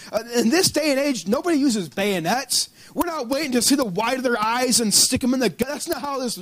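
A preacher telling a story in a sermon, animated and chuckling through his anecdotes. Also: very high-pitched, no room sound, rough recording.

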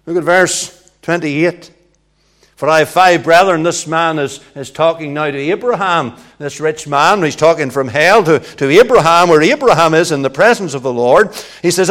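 A man preaching a sermon, emphatic and repetitive, swinging from hushed passages to loud ones. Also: fairly high pitch, expressive, moderate pace.

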